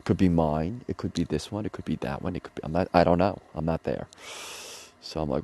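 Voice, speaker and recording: Deep gravelly man rambling casually. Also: a little fast, mellow. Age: 30s. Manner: rambling storytelling, quoting others. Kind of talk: casual monologue.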